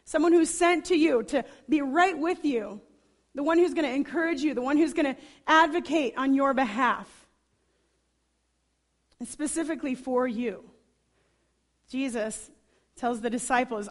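High-voiced enthusiastic woman preacher. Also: unhurried, pauses often. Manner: enthusiastic storytelling; chatty, lively asides. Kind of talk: sermon.

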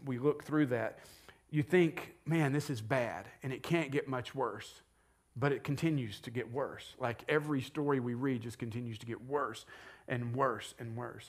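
A male pastor preaching a conversational sermon, joking with the congregation and asking them questions. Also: on the high side.

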